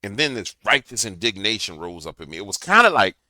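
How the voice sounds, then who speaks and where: A man's voice: on the low side, big pitch swings, quick pace, sharp tone, no echo. A man giving a preachy political commentary to a camera, telling a fiery story. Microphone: camera mic.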